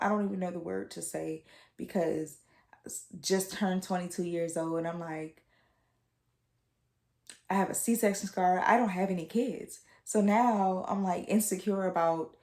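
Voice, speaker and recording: A woman's voice: medium pitch, creaky, a little mellow, echoey room. A woman in her twenties telling a personal story to her viewers, candid and emotional, with lots of fillers and repeated words, tearing up at times. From United States. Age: 20s. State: tearful at times. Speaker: vlogger.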